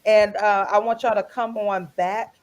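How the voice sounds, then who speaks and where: A woman co-hosting a radio talk show in casual, animated banter, laughing easily and greeting listeners by name. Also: mid-range voice, a little slow. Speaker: radio show guest co-host.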